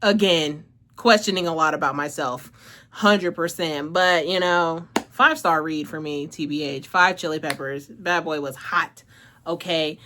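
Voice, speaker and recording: A woman with a slightly low voice hosts a casual book review, gushing with feeling. She peppers nearly every phrase with "like" and the odd swear word. She sounds a little out of breath. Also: a little slow, pushed and bright. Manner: gushing, emotional, heavy use of "like", profanity, laughs a lot. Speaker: book reviewer and channel host. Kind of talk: casual audiobook review vlog.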